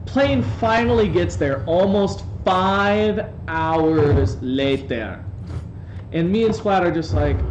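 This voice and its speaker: A man with a slightly high voice tells a rambling story in a casual way while he plays a game on a live stream. He talks into a desk microphone at home, and the room sounds roomy with a faint hum underneath. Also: moderate pace, muffled recording. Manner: rambling, animated anecdote with playful asides. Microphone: desk microphone, swapped in for the day.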